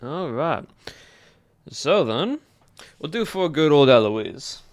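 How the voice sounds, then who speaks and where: A man's voice: fairly high pitch, very animated, takes it slowly, no room sound. A man with a Southern US accent, chatting casually with his livestream viewers and thinking aloud as he polls them. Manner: chatty, thinking aloud while polling chat. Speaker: streamer.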